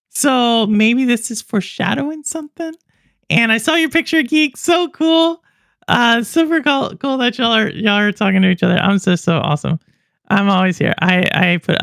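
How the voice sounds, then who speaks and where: Casual gaming host, chatty and rambling, pitch that jumps around, dry close sound. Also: gravelly, fairly bright tone, no echo. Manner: chatty and rambling, many fillers and asides to chat viewers. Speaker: podcast and livestream host. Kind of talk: casual chat reacting to gaming news and live chat.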